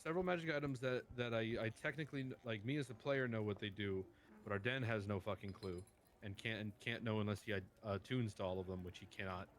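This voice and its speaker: A man's voice: on the low side, quick pace. A man chatting casually on a live tabletop game stream, explaining rules in rambling, self-correcting bursts. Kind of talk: casual gaming chat on stream.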